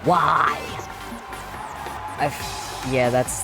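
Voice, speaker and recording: A man's voice: lowish voice, animated, unhurried, over music. A man streaming a video game, chatting casually and giggling as he works through his plans aloud. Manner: giggly, thinks aloud with restarts. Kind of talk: casual gameplay commentary.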